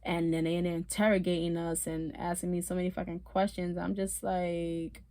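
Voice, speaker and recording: A woman telling her own story in a casual, animated way, swearing often and laughing now and then. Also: on the low side, moderate pace, no room sound.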